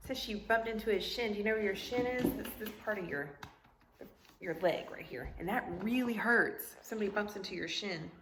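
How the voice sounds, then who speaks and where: A woman teacher reading a picture book aloud to young students, asking them questions in an animated, sing-song way. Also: medium pitch, fairly quick, echoey room, slight background noise.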